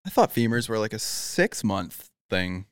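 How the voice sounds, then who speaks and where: A man hosting a podcast, asking quick playful questions in casual chat. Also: on the low side, big pitch swings, smooth, no room sound, clean studio sound. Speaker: podcast host.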